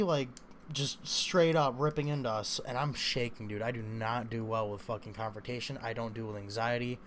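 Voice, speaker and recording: A man's voice: mid-range voice, steady tone, moderate pace, a bit bright, slight background noise. A young man casually telling a story as a vlogger, rambling and swearing, with many fillers. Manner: rambling, profane, lots of fillers.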